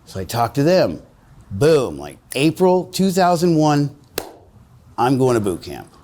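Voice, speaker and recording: A man's voice: medium pitch, big pitch swings, unhurried, mellow, a little hiss or hum. A man in his forties, interviewed on the street, telling a rambling, profane story and acting out the other people's voices. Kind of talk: casual storytelling.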